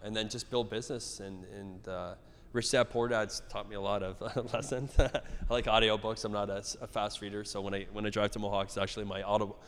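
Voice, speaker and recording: A man's voice: lowish voice, fairly quick, slight background noise. Profane, rambling middle-aged man in echoey room. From Canada. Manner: rambling, profane, animated storytelling with many restarts. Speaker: gym owner and guest. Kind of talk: casual interview chat. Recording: echoey hall reverb.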